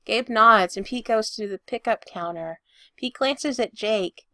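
A woman reading fiction aloud as narrator in an even, intimate storytelling manner. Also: a little high, measured pace, no echo, clean studio sound.

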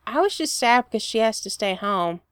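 A woman reading the lines of a plain-spoken, quiet and lonely soldier. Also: fairly high pitch, animated, brisk, clear, resonant tone, no echo, clean studio sound, close to an everyday voice.

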